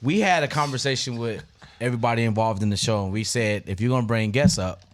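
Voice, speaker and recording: A man's voice: medium pitch, fast. A man hosting a podcast, earnestly steering the conversation back on track. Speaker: podcast host. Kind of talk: casual podcast chat.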